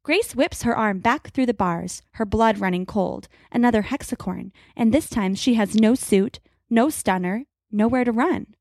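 A woman reads an adventure story aloud with vivid, dramatic pacing. Her voice sits a little high, and the recording is dry and close with no room sound. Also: moderate pace, few pauses, darkish tone, no echo. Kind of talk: scripted story narration.

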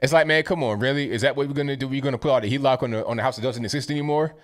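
A man giving casual, sarcastic commentary to his viewers, animated and mocking, often stammering and repeating words. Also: mid-range voice, rapid-fire. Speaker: political commentary streamer.

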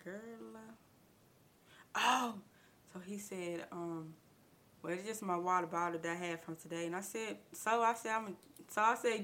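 Bright-voiced woman telling a story. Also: on the low side, moderate pace, pauses often. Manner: retells dialogue with many "I said" restarts, slangy. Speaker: podcast host. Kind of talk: casual storytelling.

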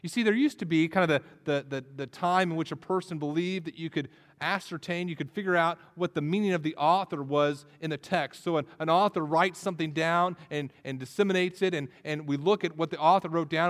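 A man's voice: fairly high pitch, a little fast, few pauses, fairly bright tone. Male pastor preaching in an echoey hall. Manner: repeats words in restarts. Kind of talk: sermon. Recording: reverberant hall.

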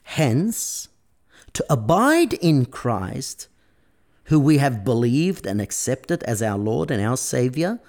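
Slow, lively-voiced male preacher. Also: medium pitch. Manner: emphatic, varying pace and stress. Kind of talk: sermon.

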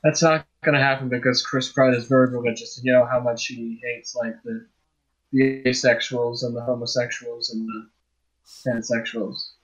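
A man's voice: mid-range voice, little pitch movement, moderate pace, husky. A man co-hosting a podcast in casual chat, making dry offhand remarks and reading things out as he looks them up. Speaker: podcast co-host. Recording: dull lo-fi mic.

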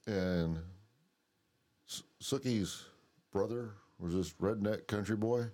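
A man with a very low, dark, mellow voice holds forth in loose late-night podcast chat. He rambles from story to story and swears freely. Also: slow. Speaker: podcast co-host.

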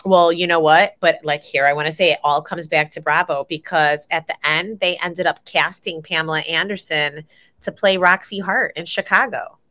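A young adult woman co-hosting a casual pop culture podcast, an animated storyteller who swears freely and jumps high in pitch when she gets excited. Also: normal speed. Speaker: podcast co-host.

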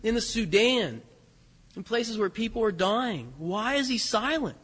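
A man preaching a sermon in an animated way, asking rhetorical questions and acting out the lines he quotes. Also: sits high, a little slow, slightly rough. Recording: long hall reverb.

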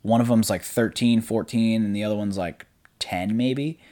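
A man's voice: fairly low pitch, normal speed, mellow. Laid-back young man chatting on a podcast. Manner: rambling, laid-back, swears casually, laughs often. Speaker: podcast host. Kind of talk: casual solo podcast chat. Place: apartment room at home.

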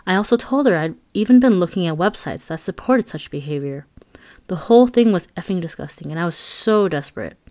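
A woman's voice: fairly low pitch, animated, fairly quick, dark tone, no room sound, clean studio sound. Candid, wry woman narrating a memoir. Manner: candid and wry, with asides to the listener.

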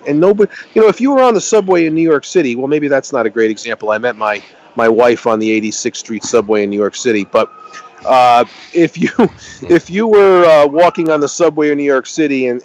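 A man's voice: mid-range voice, darkish tone, dull audio. A middle-aged American man chatting as a podcast guest, eager and often restarting his sentences. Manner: enthusiastic, stammering restarts. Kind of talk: casual chat.

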